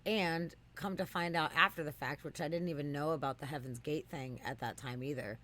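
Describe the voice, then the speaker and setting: An animated podcast co-host chatting casually, with a voice that sits at an everyday middle pitch. The delivery swears freely, jumps into loud high exclamations and then drops back to an easy conversational tone. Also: a little fast. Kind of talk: casual storytelling chat.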